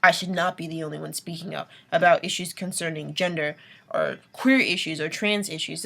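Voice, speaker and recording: A woman's voice: fairly low pitch, normal speed, gravelly, bright, forceful tone. Exasperated young woman ranting to camera. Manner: exasperated, ranting, with sighs and whispered asides. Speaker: vlogger. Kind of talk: late-night vlog rant.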